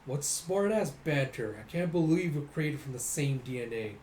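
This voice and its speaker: A man's voice: fairly high pitch, lively intonation, normal speed, darkish tone, close to an everyday voice. A man voicing a brash, mocking male cyborg fighter with a taunting, swaggering delivery. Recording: echoey room, faint noise.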